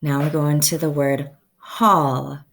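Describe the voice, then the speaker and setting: A woman teaching a first-grade phonics lesson, slowly stretching out each sound so children can say the words with her. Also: deep voice, fairly even intonation.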